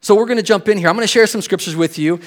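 A middle-aged American pastor preaches with an American accent, his voice sitting a bit high for a man. He tells stories with animation and doubles up words as he builds toward each point. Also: rapid-fire. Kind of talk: sermon.

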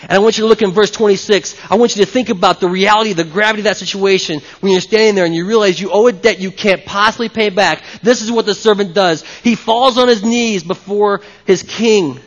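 High-voiced preacher in a reverberant church. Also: male voice, brisk, hardly any pauses. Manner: animated, talks with the congregation. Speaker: pastor. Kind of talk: live sermon. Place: church before a congregation. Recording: long reverb, dull lo-fi sound.

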